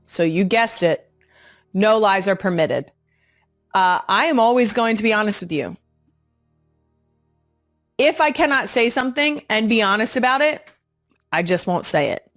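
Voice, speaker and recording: A woman's voice: mid-range voice, expressive, a little slow, pauses often, dry recording, clean studio sound, soft background music. A woman in her thirties hosting her own podcast, talking casually in a blunt, sassy way and swearing freely. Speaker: podcast host. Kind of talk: casual monologue.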